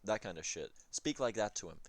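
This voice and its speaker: A man's voice: fairly low pitch, lively intonation, fairly quick, no echo. A young man rambling through advice on a strategy game, swearing and joking, often trailing off with ums. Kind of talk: casual rambling game commentary.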